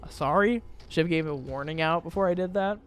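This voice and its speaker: A man's voice: on the high side, fairly quick. A young man giving casual, rambling commentary while playing a video game, chatty and full of exaggerated indignation. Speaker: gaming video creator.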